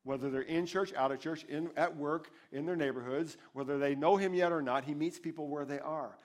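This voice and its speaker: Higher-voiced pastor, conversational sermon. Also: male voice, a little fast. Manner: conversational, storytelling. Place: church service.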